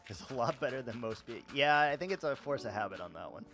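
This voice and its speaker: A man's voice: mid-range voice, fairly bright tone. A man with a Midwestern accent chatting casually on a gaming livestream, profane and rambling, laughing at himself. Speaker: streamer.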